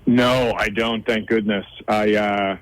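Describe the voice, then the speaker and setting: A man's voice: lowish voice, steady tone, slow, no room sound, rough recording. A male comedian in his forties from Minnesota, a guest in a casual radio interview, telling wry stories and acting out quotes. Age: 40s.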